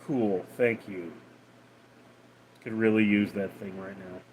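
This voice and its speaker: A man hosting a casual livestream, reading out viewer messages and replying in a deadpan way. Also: on the low side, slow pace, a little hiss or hum. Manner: reads out viewer names and messages, deadpan replies. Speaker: livestream host reading chat.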